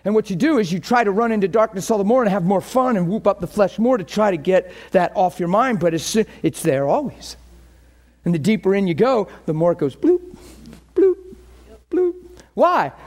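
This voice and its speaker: A middle-aged male pastor preaching a sermon with passion, moving from quiet talk to shouting. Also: high-pitched, animated, normal speed. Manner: impassioned, swings from quiet to shouting.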